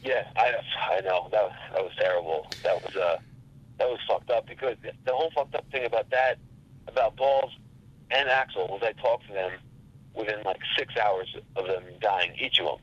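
A man telling a rambling story in a casual, profane and animated way. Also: lowish voice, normal speed, lo-fi sound. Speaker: podcast guest.

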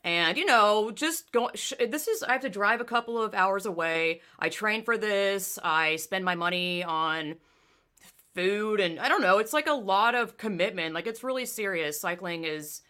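Bright-voiced woman telling stories fiercely. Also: mid-range voice, moderate pace. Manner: animated storytelling with loud, profane outbursts. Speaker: former amateur cyclist. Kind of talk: casual podcast chat.

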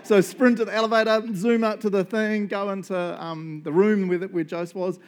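A man, preaching a sermon as a lively storyteller who acts out what people said and often checks in with "right?". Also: sits high, moderate pace, clean tone. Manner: animated, acts out quotes, frequent "right?" and "um". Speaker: pastor.

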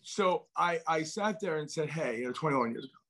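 This interview guest, a middle-aged venture investor, sounds a little high, expressive and brisk, with a fairly bright tone. His long personal story wanders, full of restarts and repeated words.

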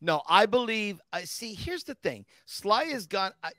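Man, podcast host, high voice, dry close sound, emphatic animated storytelling. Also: measured pace, no room sound. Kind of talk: casual podcast chat.

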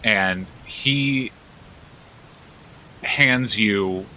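A man runs a tabletop game and narrates scenes vividly, often restarting his sentences. His voice is low and bright-toned, and faint rain plays behind him. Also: drawn-out words, a little hiss or hum, poor audio. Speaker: game master.

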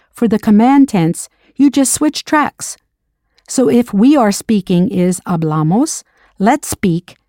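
Here the teacher's mid-range voice is a little mellow as she leads a scripted audio language lesson. She patiently gives drill prompts, then confirms the answers. The sound is dry and clean, studio quality.

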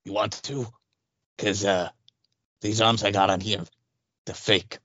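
A man putting on a creepy, sleazy voice, low and quick. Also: steady tone, pushed and bright, no room sound, lo-fi sound.

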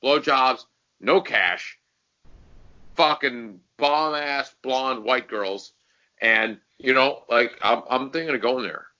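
A man's voice: mid-range voice, takes it slowly, sharp tone, muffled recording. A man, a comedian co-hosting a casual podcast chat, joking crudely and swearing a lot.

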